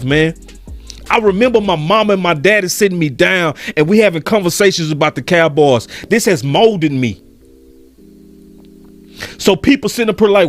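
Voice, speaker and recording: A fired-up man from Dallas hosting a sports talk show. His voice sits fairly high for a man and he talks with heated emphasis, throwing in the odd curse. Faint music runs behind him. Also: expressive, moderate pace. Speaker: host. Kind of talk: passionate fan-show rant.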